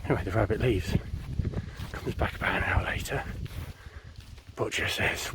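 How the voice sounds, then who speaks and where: A man's voice: lowish voice, moderate pace, pauses often, noisy background. Man rambling through a joke outdoors. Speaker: joke teller. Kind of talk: casual joke telling.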